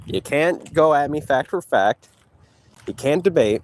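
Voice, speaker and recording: A man's voice: fairly high pitch, expressive, unhurried, darkish tone, slight background noise. Taunting man vlogging on a walk. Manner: taunting, boastful, talks to a rival between breaths. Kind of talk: trash-talking walk vlog. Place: outdoors on a walk.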